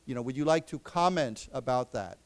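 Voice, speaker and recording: Clear-voiced man teaching a class. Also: medium pitch, expressive. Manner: explains words, repeats them slowly for the class. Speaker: English teacher. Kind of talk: classroom lesson. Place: library lecture room.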